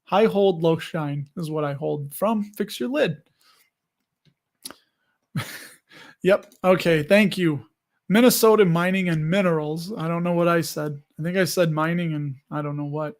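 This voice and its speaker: A man hosting a casual livestream, reading viewer comments and chatting loosely with frequent laughs. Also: on the high side. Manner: chatty, laughs often, self-deprecating. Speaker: livestream host reading chat. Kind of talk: casual live chat.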